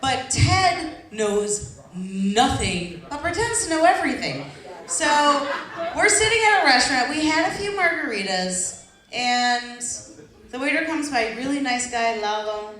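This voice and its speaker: A woman's voice: sits high, unhurried. A woman hosting a live storytelling night, chatting casually between acts and telling her own short anecdote. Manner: relaxed, chatty, lively. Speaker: host. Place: stage before a live audience. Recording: echoey room with a crowd. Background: audience noise.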